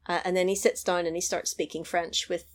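A woman in casual chat, retelling a film's plot with animated storytelling and quick character impressions. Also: fairly low pitch, a little hiss or hum. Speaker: podcast co-host recapping a film.

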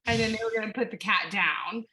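A young woman from California, chatting casually and telling an animated story, swearing and laughing often. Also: a little high, a little fast, slight background noise, poor audio. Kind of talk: casual chat.

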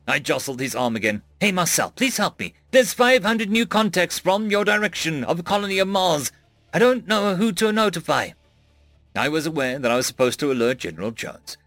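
A man narrating a sci-fi audiobook with expressive storytelling. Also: mid-range voice, no room sound.

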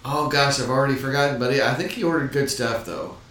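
Man, middle pitch, halting casual storytelling, heavy room echo, far from mic. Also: fairly bright tone. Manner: halting, searching for words. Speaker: podcast co-host. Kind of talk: casual chat. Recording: very echoey room, distant mic.

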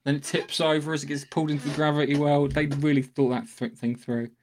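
A man's voice: fairly high pitch, flat delivery, fast, darkish tone, a little hiss or hum. A man co-hosting a podcast, talking casually about films, swearing and acting out scenes. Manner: chatty, swearing, acts out scenes with voices. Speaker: podcast co-host. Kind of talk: casual film discussion.

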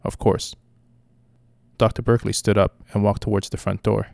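A man narrating a dark short story in a flat, steady way. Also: on the low side, fast, vocal fry, no echo. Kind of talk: story reading.

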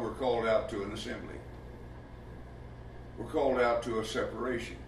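A man's voice: medium pitch, fairly bright tone, slight background noise. A man preaching a sermon in a folksy, emphatic way, asking rhetorical questions in a church. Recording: echoey room with the mic far off.

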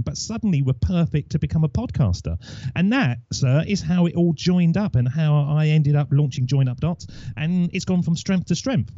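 Guy in his 40s, chatty guest storyteller, mellow voice, dull dry line. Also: fairly high pitch, dry recording. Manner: rambling storyteller. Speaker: podcaster, guest. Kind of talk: casual interview chat.

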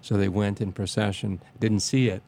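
Man, gravelly low voice, dark mellow tone, halting reverent recollection, faint background hiss. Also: steady tone. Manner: halting, many restarts and fillers, reverent. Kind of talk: casual reminiscing interview.

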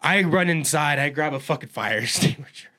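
Brash, bright-voiced storyteller man. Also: on the high side. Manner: profane, animated, fast-talking storyteller. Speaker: podcast guest. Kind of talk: casual storytelling.

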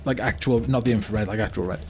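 Over soft background music, an actor lightly plays a blunt, remorseful older British car yard owner in a mock-documentary comedy monologue, rambling through his story with "you know" and "right?". His lowish male voice is a little mellow and fast-talking, the mood rueful.

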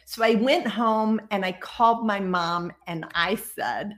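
A woman in her sixties from Iowa, a guest on a video call, telling her story in a lively, casual way and acting out the people she quotes. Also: mid-range voice, a little slow. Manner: lively storyteller who acts out quoted dialogue. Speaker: guest psychic medium.

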